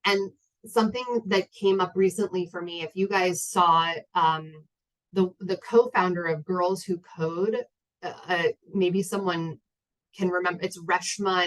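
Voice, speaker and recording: Woman in her 30s telling her own story, slightly low voice, rambly, lots of "like", super candid. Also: low-quality recording. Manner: candid and rambling, many "like"s and restarts. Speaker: guest speaker. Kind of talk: personal story told to an online audience.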